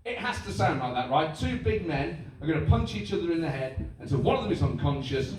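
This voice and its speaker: Animated stand-up comedian. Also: male voice, on the high side, fairly quick, heavy background noise. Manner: animated, mimics voices and accents for laughs. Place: live venue with audience. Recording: echoey live room, mic heard from a distance.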